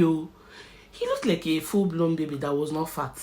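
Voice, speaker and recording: A woman's voice: low voice, moderate pace, poor audio. A young Nigerian woman vlogger vividly telling a personal story and acting out its scenes. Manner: animated, vivid storyteller who acts out scenes. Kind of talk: emotional story-time narration.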